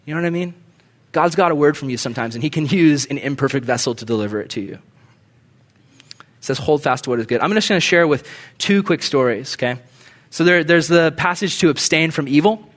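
A young man preaching a casual sermon, telling stories in an animated, conversational way with slangy asides. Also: fairly high pitch.

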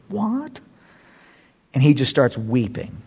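Male pastor, comic sermon delivery, bright voice, swoops up and down a lot. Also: high-pitched, sing-song, normal speed. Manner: humorous, conversational, laughs often.

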